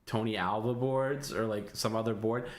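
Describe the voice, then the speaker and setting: A man's voice: on the low side, steady tone, normal speed. A man hosting a live stream, teasing his guest and laughing often. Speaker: stream host. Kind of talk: casual live stream banter.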